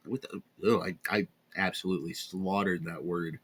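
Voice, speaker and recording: A man's voice: low voice, expressive, a little slow, breathy edge. A tired man with an American accent giving a rambling, sarcastic casual commentary on online drama, often correcting himself. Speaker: commentary channel host.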